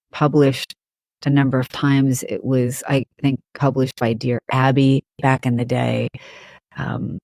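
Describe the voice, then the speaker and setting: A woman psychologist hosting a solo podcast, talking in a gentle, unhurried way with soft fillers. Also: a bass voice, no echo.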